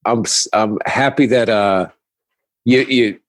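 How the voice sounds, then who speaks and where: Comedian dude guesting on a podcast, mid pitch, laid back and rambly, dry close sound. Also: male voice, takes it slowly, no echo. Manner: reflective, rambling, many "you know"s. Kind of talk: casual chat.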